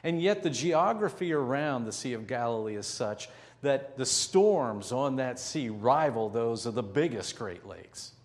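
A man preaching a sermon as pastor, telling a story vividly and slowing down to stress key points. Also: mid-range voice, expressive, big-room sound. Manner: vivid storytelling with slow, drawn-out emphasis.

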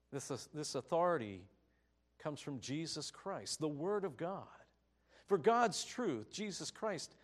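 A man preaching a sermon, telling a story with animated, emphatic delivery. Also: a little high. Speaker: pastor.

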